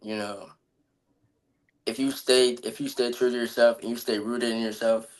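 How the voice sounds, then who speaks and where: A man's voice: mid-range voice, flat delivery, moderate pace, rough recording. A man in casual podcast chat, speaking earnestly about motivation and staying true to himself, often saying "bro" and "you feel me". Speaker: podcast guest.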